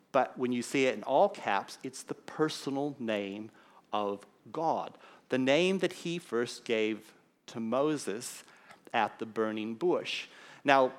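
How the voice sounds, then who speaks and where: A male pastor delivers a sermon at a mid-range pitch, unpacking scripture step by step. He teaches with emphasis and lets key phrases land with deliberate pauses.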